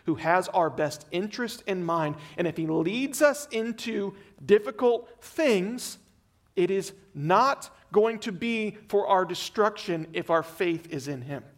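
A man preaching a sermon earnestly, swinging between emphatic lines and very quiet, drawn-back phrases. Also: sits high, lively intonation, measured pace.

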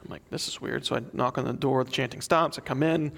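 A man's voice: medium pitch, steady tone, fast talker, creaky. A young adult man preaching a sermon, reading a prayer aloud and telling a story in an earnest, conversational way. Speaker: pastor.

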